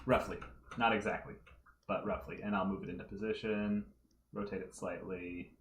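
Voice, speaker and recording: A man's voice: low voice, steady tone, normal speed, fairly bright tone, echoey room, slight background noise. A man casually livestreaming as he draws, talking through his work step by step and thinking aloud, at home. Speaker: livestreaming fan artist. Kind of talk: casual livestream commentary while drawing. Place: room at home.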